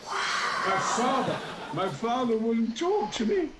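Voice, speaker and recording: A man in his eighties with a Yorkshire accent, a talk show guest telling stories theatrically and acting out the characters with booming outbursts. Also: unhurried, heavy background noise. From Yorkshire, England. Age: 80s. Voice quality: booming, larger-than-life delivery with sudden loud outbursts. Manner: animated storyteller who acts out every character.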